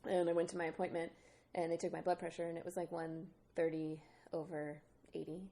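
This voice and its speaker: A woman in her thirties with a low, gravelly voice, chatting candidly on a podcast. She laughs often and acts out the people she quotes. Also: little pitch movement, brisk, dark tone. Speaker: podcast co-host. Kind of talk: casual chat.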